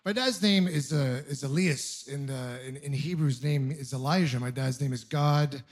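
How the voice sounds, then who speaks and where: A man in his thirties from Ontario, doing a stand-up comedy set as an animated, self-mocking storyteller full of mock outrage. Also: mid-range voice, normal speed. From Ontario, Canada.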